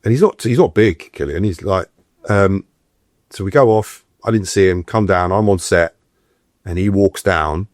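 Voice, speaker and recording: A man's voice: sits low, moderate pace, no echo, clean studio sound. A middle-aged man, an actor guest telling stories in a casual interview and acting out the voices he quotes. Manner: animated, acts out quoted voices.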